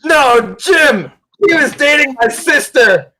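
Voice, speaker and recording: Guy doing a silly big-nosed dwarf, terrible fake dwarven accent, way up high and loud. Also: expressive, slow, exaggerated voice, poor audio. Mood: frantic. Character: goofy disguised dwarf with a big nose.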